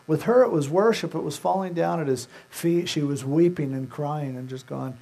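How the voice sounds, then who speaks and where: A man with a somewhat high voice and a gravelly edge delivers a sermon. He retells the scripture as a conversation, stepping into the characters' words as he goes. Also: normal speed, hardly any pauses, warm tone. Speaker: pastor.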